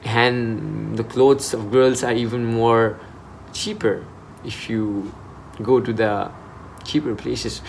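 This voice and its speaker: A man's voice: lowish voice, creaky, a little hiss or hum. Chatty young man vlogging. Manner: chatty and informal, with frequent restarts. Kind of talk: casual advice vlog. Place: in Dubai.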